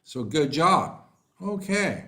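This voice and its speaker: A man runs a live online lesson. His voice sits a little high for a man, and he takes his time with frequent "um"s and "so"s. He is warmly encouraging as he reacts to student answers. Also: sing-song. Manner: encouraging, praises students by name, unhurried with fillers. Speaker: online English tutor. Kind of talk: live online class, reading chat replies.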